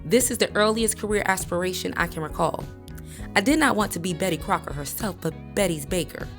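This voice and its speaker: A book reader with a notably low voice narrates a memoir in a calm audiobook style, keeping a measured, even pace. Faint music plays quietly underneath.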